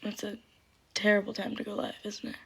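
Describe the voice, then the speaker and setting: A young woman in her twenties chatting casually on a livestream, a little tipsy and breathing heavily, rambling and self-deprecating, often sinking into a hushed murmur. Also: mid-range voice, monotone, fairly quick, vocal fry, breathy edge.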